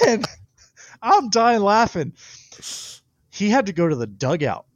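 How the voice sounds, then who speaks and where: Podcast guest, male, animated storyteller, dry close mic. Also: sits high, slow pace, no echo. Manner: animated storyteller, laughs often. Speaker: guest pitcher. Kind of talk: casual podcast chat.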